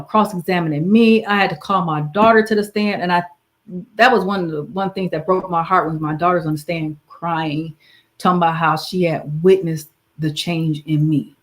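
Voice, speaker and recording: A woman casually telling a personal story, earnest and candid, often trailing off and restarting. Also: lowish voice. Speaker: guest sharing her story.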